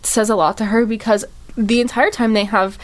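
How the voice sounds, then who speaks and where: A woman's voice: medium pitch, steady tone, moderate pace. A young woman hosting a casual radio show, introducing songs and chatting with a giggly, rambling manner. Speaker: radio host.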